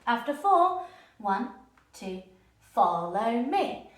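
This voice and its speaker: A woman's voice: high-pitched, very animated, unhurried, fairly bright tone, echoey room. A woman teaching a children's music lesson, encouraging and chanting rhythms for the class to clap along to. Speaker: primary school music teacher. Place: room with a screen behind her.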